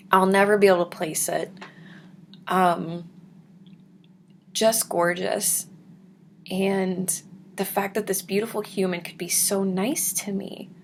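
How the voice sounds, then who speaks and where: A young adult woman vlogger telling a personal story to camera in an earnest, emotional, soft-spoken way. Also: medium pitch, a little hiss or hum.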